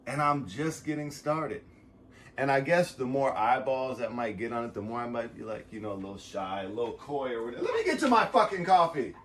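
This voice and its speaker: A man rambling through a casual motivational vlog, swearing freely and close to tears. His voice sits at an ordinary middle pitch, jumping to loud bursts and dropping to quiet mutters. A faint hiss of noise hangs under the recording. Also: steady tone, fairly quick. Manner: profane, rambling, swings between loud bursts and soft asides. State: emotional, near tears. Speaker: vlogger.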